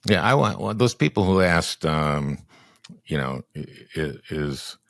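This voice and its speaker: Low-voiced older man, wry and halting. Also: very animated, creaky, no echo, studio quality. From Minnesota, US. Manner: wry, halting with restarts, drops voice low and soft. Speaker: podcast guest, former senator and comedian. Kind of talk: casual political chat.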